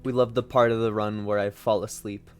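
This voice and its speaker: A man's voice: lowish voice, flat delivery, a little fast, smooth, faint music behind. A man streaming a video game from home, giving rambling, self-deprecating, sweary commentary. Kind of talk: casual gaming commentary.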